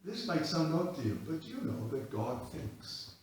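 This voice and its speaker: Man, preacher, sermon, slow deliberate delivery, distant mic in a very reverberant chapel. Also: very animated. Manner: rises to loud emphatic peaks, then drops low and quiet. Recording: echoey chapel from far off.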